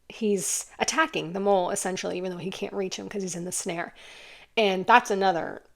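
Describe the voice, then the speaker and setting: Gravelly-voiced woman giving an earnest tarot reading. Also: medium pitch. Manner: earnest, emotional, rambling with many fillers. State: tearful at times. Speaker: tarot reader. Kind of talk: casual spoken tarot reading.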